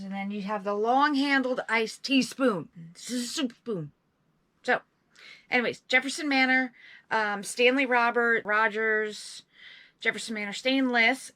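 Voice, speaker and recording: Bright-voiced older Southern woman. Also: on the high side. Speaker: reseller co-host. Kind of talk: casual chat.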